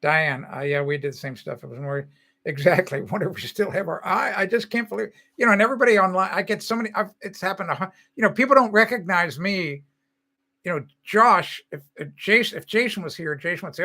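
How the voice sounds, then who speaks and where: Gravelly laughing man, bright voice. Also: sits high, brisk. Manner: rambling storytelling with frequent laughs. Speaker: live stream host. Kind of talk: casual live stream chat.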